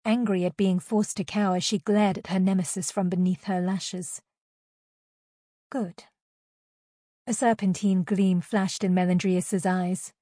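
A woman narrating a novel as an audiobook in a steady, even reading voice. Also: mid-range voice, moderate pace, hardly any pauses, no room sound, clean studio sound.

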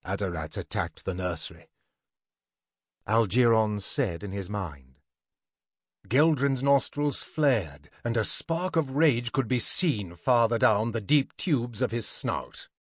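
A man narrating a scripted fantasy story in an even, deliberate way. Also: medium pitch, no room sound, clean studio sound.

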